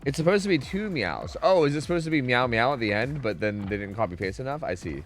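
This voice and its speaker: A young man streaming a game, talking casually and swearing often. His pitch swings widely from low mutters to high yelps, and faint music plays behind him. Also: sing-song, quick pace. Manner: profane, rambling, reacts loudly to chat. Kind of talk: casual gaming stream chat.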